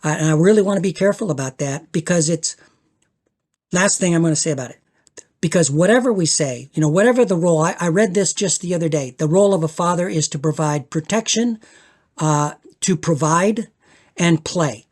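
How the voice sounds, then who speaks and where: An older man, a guest on a spiritual podcast, talking reflectively and earnestly, often restarting and repeating words as he searches for them, slowing for emphasis and swelling when moved. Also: fairly high pitch.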